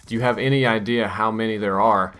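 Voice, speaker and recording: A man's voice: lowish voice, fairly even intonation, fairly quick, a bit bright, smooth, close to an everyday voice. A man voicing a menacing, condescending alien dog creature in a dream story told over gameplay. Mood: scornful. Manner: taunting, condescending.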